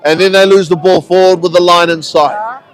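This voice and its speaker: A man giving relaxed, chatty live commentary on a local rugby match, with friendly asides between the plays. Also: high-pitched, moderate pace, a faint crowd, low-quality recording. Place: outdoors at a rugby ground.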